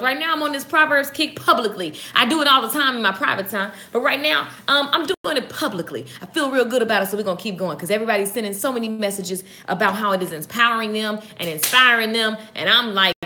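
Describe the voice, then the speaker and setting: A woman hosting a casual inspirational live stream, energetic and chatty, greeting viewers by name. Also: on the high side, a little hiss or hum.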